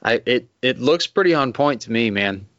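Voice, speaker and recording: A man's voice: mid-range voice, animated, normal speed, a bit bright, dry recording. A man with a Texas accent hosting a podcast, chatting casually, laughing often and swearing freely. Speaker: podcast host. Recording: dull lo-fi sound.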